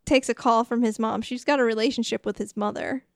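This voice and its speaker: A young woman retells a film's plot to a friend in animated, laughing podcast chat, dropping into short character voices. Her fairly high voice has a gravelly edge but stays smooth and full. The sound is close and dry. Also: fairly quick, no echo. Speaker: podcast co-host. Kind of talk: casual movie recap chat.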